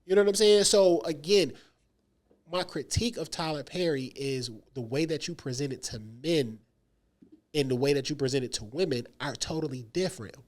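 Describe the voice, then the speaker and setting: A man's voice: a little high, normal speed. A man co-hosting a casual movie review chat, talking emphatically and acting out little quotes. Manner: animated, emphatic, lots of "yo" and acted-out quotes. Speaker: podcast co-host.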